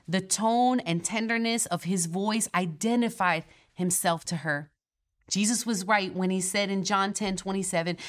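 In a church, a woman pastor preaches a sermon that is earnest yet conversational, slipping playful asides in between scripture readings. Her voice sits in the mid-range and is a bit bright.

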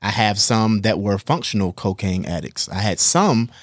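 Low-voiced, reassuring man podcast host. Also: lively intonation, moderate pace, no room sound, studio quality. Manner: reassuring, encouraging, lots of fillers. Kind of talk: supportive interview conversation. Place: podcast studio under lights.

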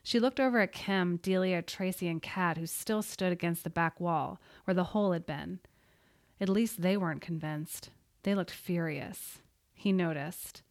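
A woman's voice: lowish voice, measured pace, no room sound, clean studio sound. Woman narrating a suspenseful story. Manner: steady, suspenseful reading. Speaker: audiobook narrator. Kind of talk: scripted narration.

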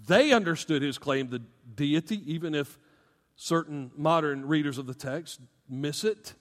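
A pastor preaching a sermon, emphatic and animated, with asides to the congregation. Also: male voice, fairly high pitch, measured pace, long reverb tail.

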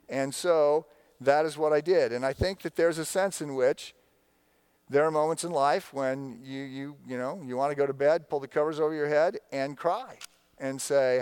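Smooth, candid storytelling preacher. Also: male voice, a little high, moderate pace, darkish tone, no echo. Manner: conversational storytelling, candid and self-deprecating. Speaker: pastor. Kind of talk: sermon.

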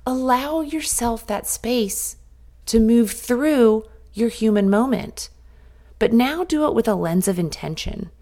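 Middle-aged woman, podcast host, candid coaching talk, very animated pitch. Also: slow pace. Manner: candid, direct, coaching the listener. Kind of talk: motivational solo podcast talk.

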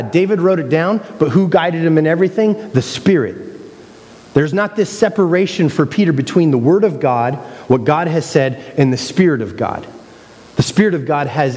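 Male pastor, conversational sermon delivery, slightly raised pitch. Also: darkish tone, long reverb tail. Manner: conversational preaching with playful mock quotes.

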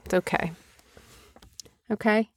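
Mum co-hosting a home podcast, chatty and teasing, dry close mic. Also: female voice, takes it slowly, dry recording. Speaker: podcast co-host, mother. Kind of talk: casual family podcast chat.

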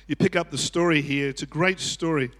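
A man preaching a sermon as pastor, swinging from quiet asides to loud shouting and often chuckling. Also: a little high, a little fast. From Australia. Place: church auditorium. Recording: echoey church hall.

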